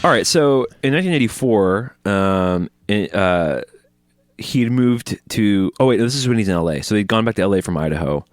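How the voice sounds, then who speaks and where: A man's voice: sits low, moderate pace, soft background music. A man hosting a podcast in casual chat, telling stories and acting out what people said. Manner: animated storyteller, acts out quotes. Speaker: podcast host.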